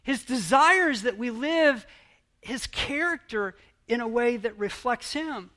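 A pastor preaching a sermon in an earnest, halting way, often restarting his phrases. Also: very high voice, lively intonation, pushed and bright.

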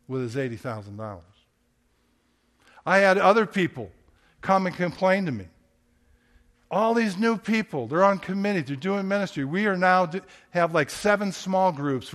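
A man's voice: high-pitched, a bit bright. A man, a pastor, preaching a sermon in a conversational storytelling way, asking rhetorical questions.

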